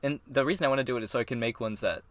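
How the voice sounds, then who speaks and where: A man's voice: medium pitch, racing, no echo. A man co-hosting a podcast in casual chat, rambling with lots of fillers and frequent laughs. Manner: chatty, rambling with many "like" fillers, laughs often. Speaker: podcast co-host.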